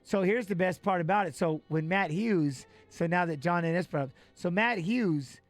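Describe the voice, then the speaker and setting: A man in his forties telling a long story in a casual, animated, profane way, acting out what others said. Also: high-pitched, normal speed, soft background music. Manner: animated, profane, acts out quoted voices. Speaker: retired fighter telling a story.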